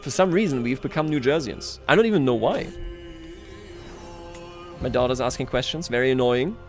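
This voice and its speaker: A man's voice: mid-range voice, lively intonation, normal speed, soft background music. A man livestreaming a strategy game, talking casually to his chat, self-mocking and chuckling often. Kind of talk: casual gameplay commentary.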